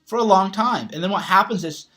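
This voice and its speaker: A man's voice: high voice, brisk, bright, forceful tone. A man giving a blunt motivational talk, swearing often and tossing in "right?" as he rambles through his points. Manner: blunt, heavy swearing, casual slang; rambling, with frequent "right?" asides. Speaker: self-help author and vlogger.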